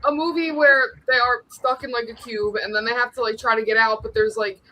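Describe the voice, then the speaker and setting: A woman's voice: fairly high pitch, steady tone, brisk, bright, forceful tone, rough recording. A woman co-hosting a podcast in casual chat, talking chattily with lots of filler words. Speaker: podcast co-host.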